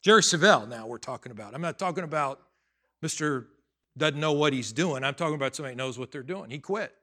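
Middle-aged male pastor, bright forward voice, chatty sermon delivery with emphatic outbursts. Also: fairly high pitch, expressive, quick pace. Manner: conversational, swings from quiet asides to loud emphatic bursts. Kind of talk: sermon with personal story.

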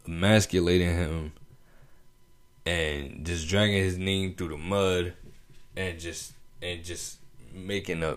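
A young man hosting his own show, telling a story in a laid-back, slangy way and laughing often. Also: sits low. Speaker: podcast host. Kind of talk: casual opinion monologue.

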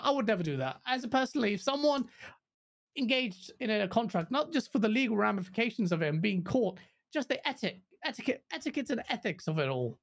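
A woman co-hosting a gaming podcast, talking bluntly in casual chat, swearing freely and jumping into high mocking quotes of other people. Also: lively intonation, brisk, vocal fry. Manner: blunt, profane ranting. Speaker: podcast co-host.

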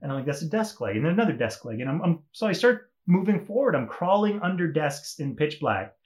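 A man's voice: on the high side, very animated, brisk. A young man telling a wild story in a casual chat as a podcast guest, swearing freely and laughing often.

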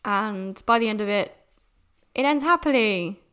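A woman's voice: mid-range voice, expressive, measured pace, fairly bright tone, smooth. A young British woman from the UK hosting a podcast, talking casually about a film in a chatty, rambling way. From United Kingdom. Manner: chatty and rambling, with many restarts and fillers. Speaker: podcast host.

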